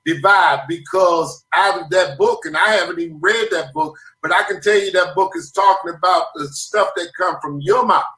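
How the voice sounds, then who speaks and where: A man with a high, bright voice preaches emphatically as the host, his words rising toward a shout at times. He sounds set back from the mic in a roomy, echoing space. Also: moderate pace, hardly any pauses, distant mic. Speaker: show host. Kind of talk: preachy talk-show commentary.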